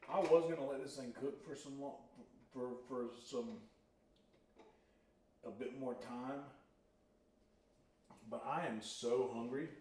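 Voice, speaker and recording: A man hosting a casual cooking livestream from his home kitchen, excitable and boastful, exclaiming loudly about his own food. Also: medium pitch, slow, long pauses, echoey room, slight background noise. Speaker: livestream host.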